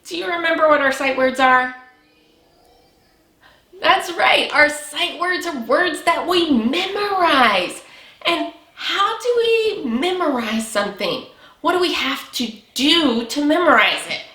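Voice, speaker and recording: A woman teaching young children to read, speaking slowly and cheerfully with lots of praise. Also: sits high, animated, pushed and bright, echoey room. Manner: slow, exaggerated, encouraging teacher talk with praise. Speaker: preschool teacher. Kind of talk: early reading lesson for young children.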